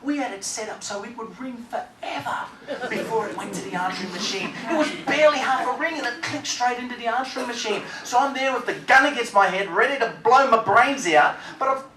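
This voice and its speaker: A man giving a personal testimony as a guest speaker, dramatic storytelling that swings between hushed and loud. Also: very high-pitched, fairly quick, crowd noise. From Australia. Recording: echoey, noisy room, distant mic.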